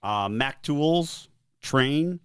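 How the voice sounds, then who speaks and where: A man on a radio show as a guest, talking in a casual, halting way with lots of fillers. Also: medium pitch, lively intonation, clean tone, no room sound, clean studio sound. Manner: halting, full of fillers while listing sponsors.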